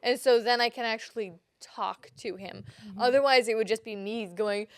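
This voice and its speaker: Chatty young woman, fairly high voice. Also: normal speed, dry recording. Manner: animated storytelling, quotes herself in high emotional bursts. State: pregnant. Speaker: podcast co-host. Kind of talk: casual chat.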